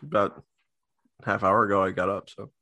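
A man's voice: lowish voice, fairly even intonation, moderate pace, bright, forceful tone, no room sound. A man hosting a podcast, chatting casually and swearing now and then. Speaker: podcast host.

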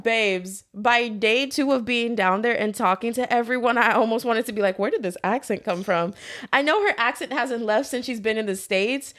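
A woman's voice: a little high, moderate pace, hardly any pauses. A young woman in casual podcast chat, telling stories with lots of laughter and swearing. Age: young adult. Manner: animated storytelling, swearing, laughing.

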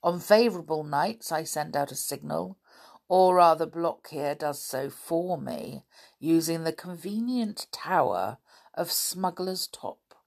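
Woman playing a soft-spoken scheming smuggler. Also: low voice, animated, slow, heavily acted. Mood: smooth. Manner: smooth, softly menacing. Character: suave scheming middle-aged male smuggler.

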